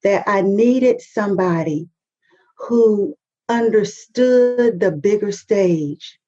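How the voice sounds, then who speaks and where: A woman's voice: mid-range voice, takes it slowly, mellow, dull audio. A woman, a guest on an interview show, speaking with fervent, emphatic conviction and repeating phrases for effect. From North Carolina, US. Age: 50s. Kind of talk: podcast interview.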